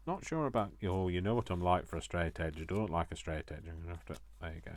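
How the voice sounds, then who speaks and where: Guy rambling on while he makes stuff, teases himself, kinda low voice. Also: fast, no room sound. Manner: self-mocking, jokey asides to viewers. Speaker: craft vlogger. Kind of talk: chatty crafting commentary.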